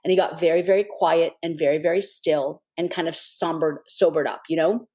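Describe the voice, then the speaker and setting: A woman with a somewhat low voice speaks as a podcast guest. She tells her story earnestly and warmly. Her phrasing is loose and conversational, full of "kind of" and "like.". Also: steady tone, fairly quick. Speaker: guest, animal intuitive.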